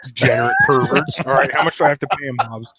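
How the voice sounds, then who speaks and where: A man's voice: medium pitch, fairly even intonation, rapid-fire, over a noisy crowd. Joking man at a game table. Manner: joking, playful wrestler bluster. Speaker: player. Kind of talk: casual game chat.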